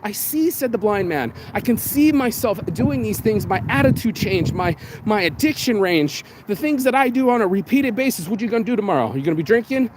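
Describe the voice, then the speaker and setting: A man's voice: high voice, lively intonation, fairly quick, hardly any pauses. A man giving a blunt, profane, emotional motivational monologue outdoors in the rain. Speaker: vlogger. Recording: noisy outdoor street recording. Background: rain and passing traffic.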